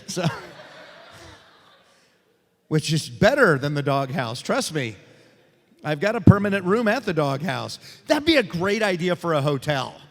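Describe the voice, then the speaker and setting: A man's voice: fairly high pitch, measured pace, long pauses. A man telling jokey stories and taking audience questions at a convention panel, acting out the voices in his stories. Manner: animated, joking storyteller who acts out quoted voices. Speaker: voice actor convention panel guest. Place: convention panel room on a stage. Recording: reverberant hall.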